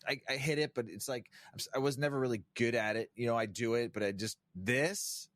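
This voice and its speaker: A man co-hosting a podcast in casual chat, rambling and swearing constantly, laughing loudly at his own stories on a studio mic. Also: mid-range voice, a little fast, dry recording. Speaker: podcast co-host.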